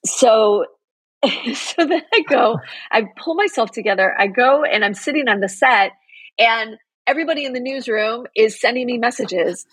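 A woman's voice: on the high side, lively intonation, moderate pace, a bit bright, slightly rough, dry recording, low-quality recording. A middle-aged woman, a TV news anchor, earnestly telling a heartfelt personal story in an interview.

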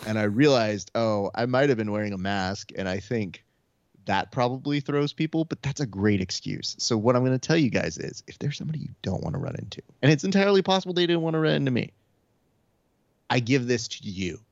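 A man's voice: mid-range voice, animated, fairly quick, no room sound, lo-fi sound. A man co-hosting a podcast, telling loose, profane stories and acting out the voices of people he quotes. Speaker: podcast co-host. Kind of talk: casual chat.

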